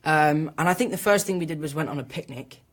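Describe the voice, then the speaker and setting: A young English man, an actor telling animated stories in a casual interview, laughing often and acting out quotes. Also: on the high side. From England. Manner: animated storytelling, quick laughs, acts out quotes.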